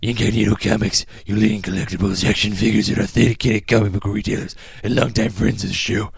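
A man's voice: fairly low pitch, fairly even intonation, fast talker, gravelly, breathy edge, no echo, clean studio sound. A man co-hosting a podcast, joking and laughing between a casual ad read. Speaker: podcast co-host.

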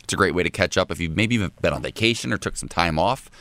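Lower-voiced man hosting a radio show. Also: fast, dry recording. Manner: animated, laughs often. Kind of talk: casual radio banter.

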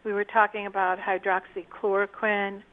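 A woman's voice: medium pitch, flat delivery, moderate pace. A woman calling in to a talk radio show, explaining her view earnestly. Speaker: caller. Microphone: telephone. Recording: tinny phone line.

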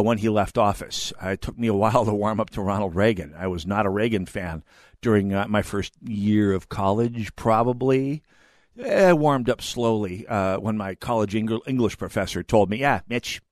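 A man's voice: lowish voice, no room sound, clean studio sound. A man in his fifties hosting a talk radio show, delivering an opinionated monologue that rambles off on tangents and restarts his words. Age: 50s.

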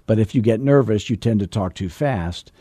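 Low-voiced joking male podcast host. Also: moderate pace, dark tone, slightly rough, no echo. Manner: joking, folksy storyteller. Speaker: podcast host and real estate coach. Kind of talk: casual coaching chat.

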